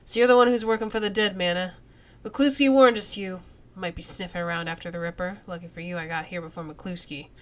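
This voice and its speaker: A woman's voice: fairly low pitch, steady tone, fairly quick, lightly acted. A woman voicing a sly, corrupt male police officer in a role-playing game, speaking in a slick, streetwise way. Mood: wry. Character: sleazy male cop fishing for bribes, sly.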